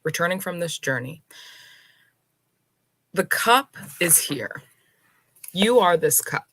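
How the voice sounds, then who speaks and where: A woman with a low-sitting voice hosts a live spiritual talk, unhurried and reflective. She addresses her viewers with soft laughs and pauses, and there's no echo.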